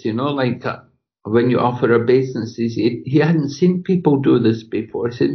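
A man retells a scripture story in a lecture, pausing and restarting his phrases. His voice has a gravelly edge. The recording is dull and lo-fi. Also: medium pitch. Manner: halting, repeats words, many "you know". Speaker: scripture class speaker.

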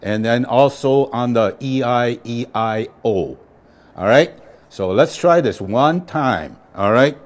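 A man's voice: medium pitch, animated, slow. A man giving a casual spoken lesson for children as a language teacher, chatty and often checking in with the listener.

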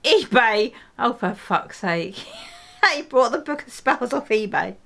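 A woman's voice: fairly high pitch, animated, measured pace, creaky, a bit bright, soft background music. A woman hosting a reaction video, chatting casually, full of exclamations and frequent laughter.

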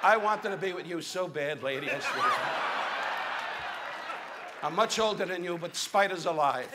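A man's voice: sits high, moderate pace. A man doing live insult comedy on stage, brash and abrasive as he barks jabs at the audience. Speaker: stand-up comedian. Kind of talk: live insult crowd work. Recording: archival live show recording with noisy room.

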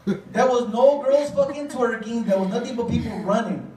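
A man with a Chicano English accent performs a profane, rambling, self-deprecating stand-up set on a club stage, his voice very high-pitched at a moderate pace. The club sound is roomy, with the mic far off and heavy background noise, and the audience can be heard laughing.

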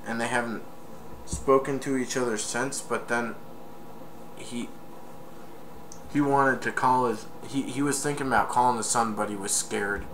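A man casually retelling a movie plot in a rambling, excitable way for a home video review. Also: medium pitch, unhurried, long pauses, a little hiss or hum.

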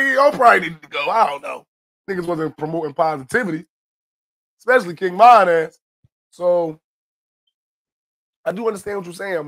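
Host, male, young, Philadelphia accent, high-pitched voice, profane commentary rant with shouted outbursts.

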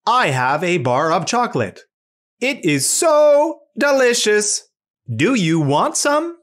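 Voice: mid-range voice, sing-song, normal speed, fairly bright tone. A teacher voicing a friendly robot in a children's lesson, reading short sentences aloud with marked expression. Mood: expressive. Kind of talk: scripted children's lesson narration.

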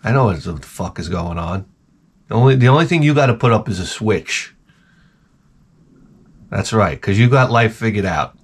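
A man's voice: fairly low pitch, animated, moderate pace, long pauses, husky. A middle-aged man, host of his own channel, telling rambling comic stories in a profane, ranting way. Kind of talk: rambling comedic monologue.

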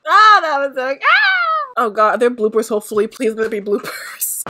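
A young woman hosting a reaction video, gushing excitedly and laughing often. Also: fairly high pitch, fairly quick, slight background noise. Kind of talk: casual reaction video chat. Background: music playing.

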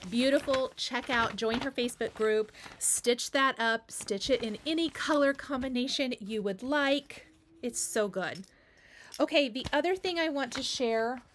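This cross stitch video host, speaking a little high with a fairly bright tone, gushes about her finished projects in a laid-back chat. Her hiccups keep interrupting, and she repeats words for emphasis.

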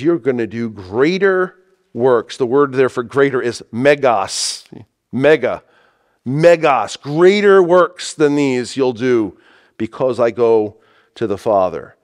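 A man preaching a sermon as pastor, reading scripture aloud and stressing key phrases emphatically. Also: medium pitch.

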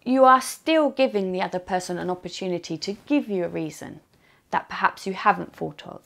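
A woman teaching an online English lesson, slowly and deliberately repeating example phrases. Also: on the low side, creaky, fairly bright tone.

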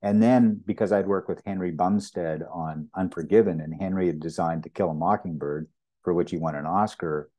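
Canadian guy, older, deep mellow voice, swaps stories and does the voices. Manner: animated storyteller, acts out quoted dialogue. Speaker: property master, guest. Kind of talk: anecdotal storytelling in an interview.

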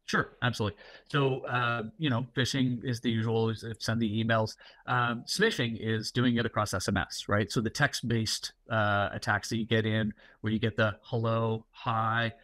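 A man's voice: fairly low pitch, level tone, moderate pace, fairly bright tone, no room sound. A middle-aged man, a guest security executive, talking casually and explaining at length with many fillers and anecdotes. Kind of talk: casual interview talk.

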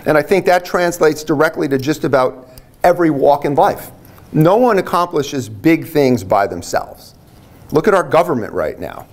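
Speaking at an ordinary pace in a higher-than-average voice, this sixty-something biology teacher gives an easygoing, story-filled farewell lecture, peppered with "like" and false starts.

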